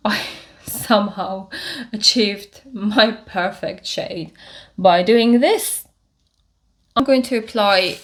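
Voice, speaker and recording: A woman giving a casual makeup tutorial to camera, talking through each step with frequent pauses, fillers and restarts. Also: lowish voice. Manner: unhurried, many fillers and restarts while demonstrating. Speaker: beauty vlogger.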